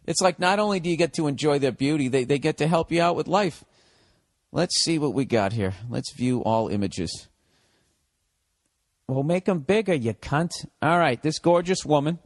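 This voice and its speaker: A man's voice: on the high side, lively intonation, moderate pace, no echo, studio quality. A man in his forties with a Boston accent, hosting a podcast and delivering a profane, sarcastic solo rant. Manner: profane, sarcastic ranting with frequent asides. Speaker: podcast host.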